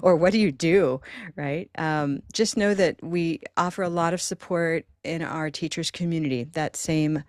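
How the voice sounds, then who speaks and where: A woman's voice: low-pitched, normal speed, dry recording, clean studio sound. A woman leading an online teacher training session, upbeat and encouraging as she demonstrates with objects over a video call. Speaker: workshop presenter.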